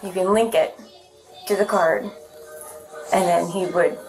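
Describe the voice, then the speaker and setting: A woman's voice: on the low side, steady tone, unhurried, a little mellow, poor audio. A woman answers an officer's questions, rambling and hesitant, and turns defensive as she goes. Faint music sits under the recording. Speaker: suspect being questioned. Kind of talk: police interview.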